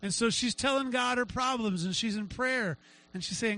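A middle-aged male pastor preaching a sermon, telling a story with lively acted-out quotes. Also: extremely high pitch, moderate pace, poor audio. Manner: animated storytelling, acts out quotes.

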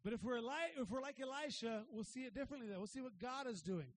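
High-voiced energetic pastor preaching. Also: male voice, fast, poor audio. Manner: energetic, swings from shouts to quiet asides; conversational, says "right?" often. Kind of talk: sermon.

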